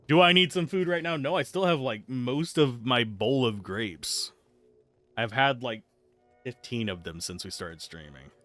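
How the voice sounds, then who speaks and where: A man's voice: medium pitch, a little slow, long pauses, a bit bright, soft background music. A man streaming gameplay live, chatting in a rambling, self-deprecating way while answering chat. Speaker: streamer playing a game live.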